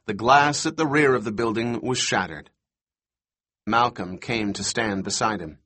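A man narrating a novel in a steady, even storytelling voice. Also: on the low side, unhurried. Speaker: audiobook narrator. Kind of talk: scripted narration.

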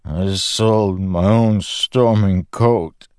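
A man voicing an older male soldier, worn out and ashamed, speaking in a slow croak in an audiobook. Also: deep voice, no room sound, clean studio sound, heavily acted.

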